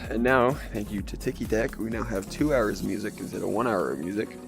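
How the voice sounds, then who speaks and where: A young man chatting casually on a gaming livestream, his voice hoarse, strained and congested, rambling, chuckling often and talking to his chat. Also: lowish voice, a little fast. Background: game music underneath.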